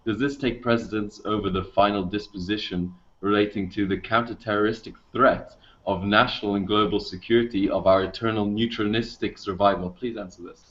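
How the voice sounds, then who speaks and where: Heavy-accented male caller, slightly low voice, pompous and wordy, lo-fi line. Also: steady tone, a little fast, few pauses, fairly bright tone. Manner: pompous, long-winded formal wording. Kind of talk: call-in question. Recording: lo-fi call audio.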